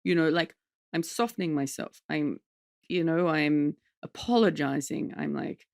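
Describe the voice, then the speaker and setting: A woman's voice: sits low, a little slow, vocal fry, dry recording, clean studio sound. A woman, a comedian guest telling stories in a candid podcast conversation, often slipping into impressions of others. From Australia. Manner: lively storytelling, slips into impressions of others.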